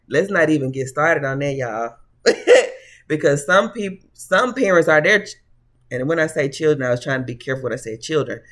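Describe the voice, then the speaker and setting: Give me a high-voiced man doing a casual tarot reading to camera, sassy and preachy. He calls the viewers honey and baby and laughs easily between his points. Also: fairly bright tone. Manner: laughs often. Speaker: tarot reader.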